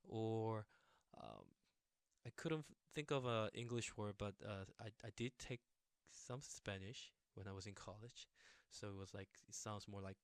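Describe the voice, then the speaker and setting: A man's voice: fairly low pitch, a little slow, clean tone, dry recording, studio quality. A young man casually teaching a language lesson, explaining patiently with everyday examples and a few fillers.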